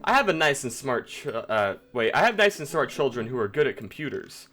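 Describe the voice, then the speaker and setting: A man voicing a stiff, awkward dad in a dating game, speaking in a slow, stilted, robotic way. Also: mid-range voice, sing-song, bright, forceful tone, heavily acted.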